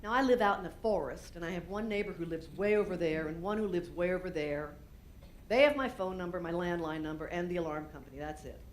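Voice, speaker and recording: A woman business owner giving a conference talk, telling a candid personal story in an animated way and acting out what she said. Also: fairly low pitch, fast, slight background noise. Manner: animated and candid, acts out her own quotes, frequent restarts. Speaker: keynote speaker and business owner.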